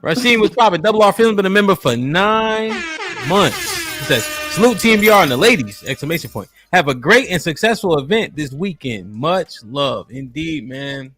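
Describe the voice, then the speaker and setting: Male stream host, slightly high voice, loose joking chat, faint music underneath. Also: animated, normal speed, few pauses, fairly bright tone. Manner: loose and joking, reads chat messages aloud. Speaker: podcast host. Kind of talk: casual live-stream chat, reading donations.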